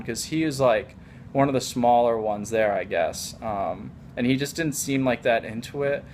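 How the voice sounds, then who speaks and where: A man's voice: mid-range voice, fairly quick, slight background noise. A young adult man telling a casual story in a rambling, mock-boastful way, full of filler words. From United States.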